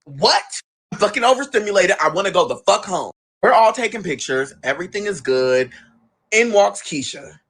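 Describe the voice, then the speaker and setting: A young man casually telling a long family story, animated and quick to act out what each relative said. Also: sits high. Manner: animated, acts out family members' lines in his own voice. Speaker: guest telling his story.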